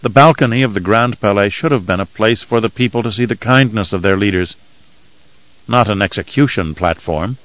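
A man reading an audiobook in measured, even scripted narration. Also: lowish voice, dry recording, low-quality recording.

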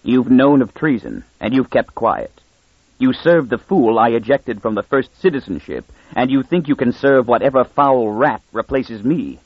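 A man reading aloud, voicing a furious warlord lord who shouts in high, strained rage. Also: expressive, moderate pace, husky, no room sound, highs cut off. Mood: threatening.

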